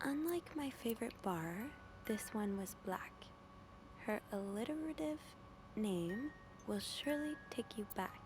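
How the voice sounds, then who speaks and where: Hushed, slightly high young woman, whispered role-play, breathy, game audio with clear background ambience. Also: expressive, a little slow, noisy background. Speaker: game character.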